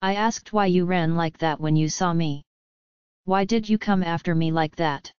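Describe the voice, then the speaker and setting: A woman narrating does a proud young man who hits back with quick words. The tone stays low and very smooth. The recording is dry and a little muffled. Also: a little mellow, no room sound, natural voice. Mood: wary. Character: proud, quick-tongued young male traveler.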